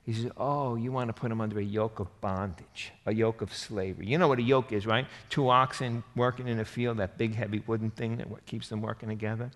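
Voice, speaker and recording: A man preaching a sermon, animated and emphatic, rising to forceful bursts. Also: on the low side, brisk, hardly any pauses. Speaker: pastor. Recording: reverberant hall.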